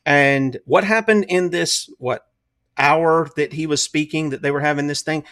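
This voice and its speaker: A man's voice: fairly high pitch, moderate pace, fairly bright tone. A man hosting a casual political commentary show, talking emphatically and firing off rhetorical questions.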